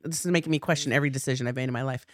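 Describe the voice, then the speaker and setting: A woman's voice: very deep voice, racing, dry recording, clean studio sound. A middle-aged woman co-hosting a podcast, talking matter-of-factly in casual chat and often setting the record straight. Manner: correcting, matter-of-fact. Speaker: podcast co-host.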